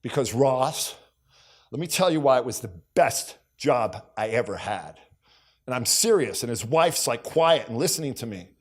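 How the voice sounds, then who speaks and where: A man's voice: mid-range voice, animated, moderate pace. A middle-aged man giving a motivational keynote on a conference stage, telling stories and acting out bits of dialogue. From United States. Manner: storytelling, acts out dialogue, repeats catchphrases. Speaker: keynote speaker.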